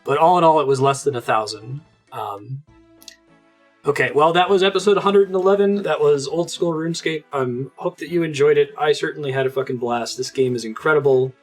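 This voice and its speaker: A man's voice: on the high side, a little fast, faint music behind. A man hosting a let's play, giving chatty, enthusiastic commentary with lots of casual fillers.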